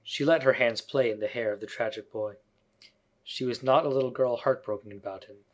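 A man narrating a storybook in a measured, even way, with a voice pitched in the middle of the male range. It is read as a steady audiobook.

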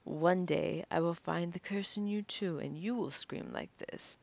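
A man's voice: on the high side, a little slow, vocal fry, highs cut off. A woman reading the lines of a cruel male tribal chieftain who taunts his victims. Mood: menacing. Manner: menacing taunts.

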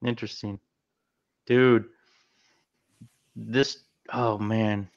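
A man's voice: fairly low pitch, flat delivery, very slow, vocal fry. Dude on a podcast panel jumping in and fixing his words as he goes, kinda muffled lo-fi sound. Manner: eager, talks over others, self-correcting. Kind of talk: casual panel discussion. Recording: slightly dull lo-fi audio.

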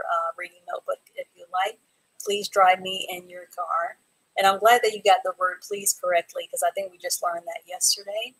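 A woman teaching a live online reading class, reading students' sentences from the chat and praising them slowly and clearly. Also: medium pitch, a bit bright, poor audio. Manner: encouraging, slow and clear, praising students by name.

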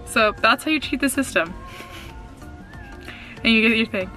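A woman's voice: on the high side, moderate pace, pushed and bright, soft background music. A young woman chatting casually for her vlog from a car, rambling with fillers and little laughs. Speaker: vlogger.

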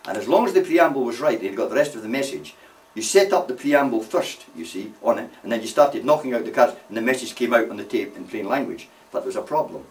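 A man's voice: medium pitch, lively intonation, fast. An older man, a war veteran telling rambling anecdotes with many "you see" asides. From Scotland. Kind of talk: anecdotal storytelling. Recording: voice from far off the mic.

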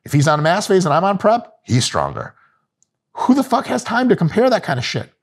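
Husky, lively-voiced man swearing freely. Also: high voice, a little fast. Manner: profane, joking, animated. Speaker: fitness coach. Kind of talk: casual coaching talk.

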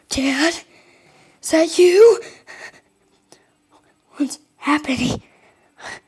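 A woman playing a jittery 32-year-old man camping in his own room in a homemade comedy video, talking in a hushed whisper that breaks into panicked shrieks. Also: very high voice, heavily acted.

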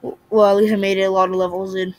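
Excitable young woman gaming commentary. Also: medium pitch, rapid-fire, dry recording, rough recording. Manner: excitable, shouts and mutters at the game. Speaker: gaming video creator. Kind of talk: casual gameplay commentary.

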